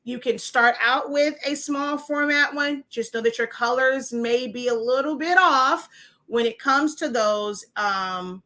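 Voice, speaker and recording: A woman's voice: high voice, measured pace, sharp tone. A woman giving a casual show-and-tell craft tutorial, chatty and rambling with many fillers and asides. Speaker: crafting instructor.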